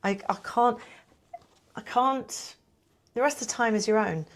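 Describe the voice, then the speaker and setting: A middle-aged woman and pantomime performer chatting in an interview, telling lively stories and acting out what people said. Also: fairly high pitch, a little slow. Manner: chatty, animated storyteller who acts out quotes. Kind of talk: casual interview chat.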